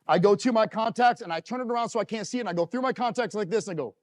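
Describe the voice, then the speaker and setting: A middle-aged man giving a live motivational talk to a company audience, telling emotional stories and swinging from loud to hushed. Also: high voice, very fast, hardly any pauses. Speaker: motivational speaker.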